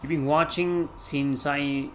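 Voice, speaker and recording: A man doing live gameplay commentary, chatting with viewers, swearing and shouting at the game. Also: a little high, steady tone, slow pace, a little hiss or hum. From Mexico. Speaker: gaming streamer.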